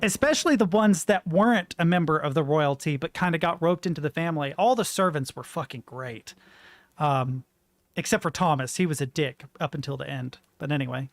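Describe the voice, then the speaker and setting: A man's voice: fairly high pitch, brisk. An American man in his thirties chatting frankly and rambling while commentating a game he plays. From United States. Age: 30s. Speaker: let's play host. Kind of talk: casual gameplay commentary.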